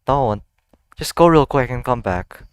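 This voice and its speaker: Lively man reacting with blurted swearing. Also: mid-range voice, a little slow, clean tone, no echo. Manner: blurts out startled swearing and exclamations. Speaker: anime reaction host. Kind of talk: casual reaction commentary.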